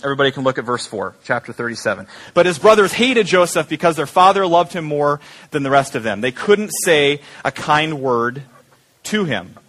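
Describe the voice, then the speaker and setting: A man's voice: fairly high pitch, expressive, fairly quick, a bit bright. A man preaching a sermon as pastor, joking with the congregation and having them repeat words back. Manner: jokey, engaging the audience with call-and-response.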